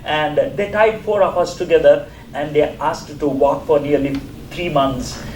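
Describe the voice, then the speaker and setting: A man's voice: on the high side, steady tone, a little slow, darkish tone, slight background noise, close to an everyday voice. A man, acting out the prophet Daniel telling his life story in a sermon role-play. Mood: earnest. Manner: earnest first-person testimony. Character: prophet Daniel, older man, proud and earnest. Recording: echoey church hall.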